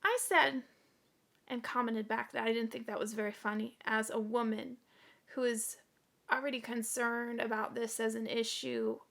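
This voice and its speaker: A woman in her forties talking earnestly to camera in a casual home vlog, halting now and then with fillers. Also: on the high side, level tone, vocal fry, a bit bright. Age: 40s. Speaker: vlogger. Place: indoors at home.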